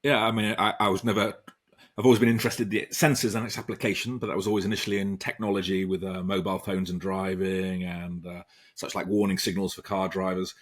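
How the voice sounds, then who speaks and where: A professor talks through an interview in a loose, rambling way, often restarting his sentences. His voice sits low and has a husky edge. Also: flat delivery, fast talker. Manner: rambling, many ums and restarts. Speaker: professor and author, interview guest. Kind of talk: conversational interview answers.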